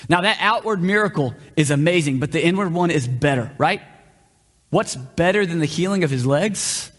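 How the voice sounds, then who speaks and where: A man's voice: on the high side, lively intonation, moderate pace. A male pastor preaching a conversational sermon, often asking the room questions. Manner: conversational, asks the room questions, varies pace. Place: church hall. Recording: long reverb of a hall.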